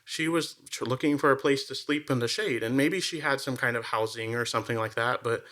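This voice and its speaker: A man's voice: mid-range voice, fairly quick. A man co-hosting a podcast in casual conversation, telling stories animatedly and acting out the voices of the people in them. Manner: animated storyteller, acts out quoted voices; frequent fillers like "like" and restarts. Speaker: podcast co-host.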